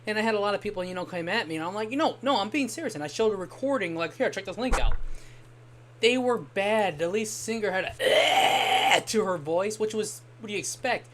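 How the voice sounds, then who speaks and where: A man's voice: sits high, animated, a little fast, fairly bright tone, a little hiss or hum. Rambling young man streaming a game. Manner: rambling anecdotal storytelling, occasional swearing. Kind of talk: casual gaming stream chat.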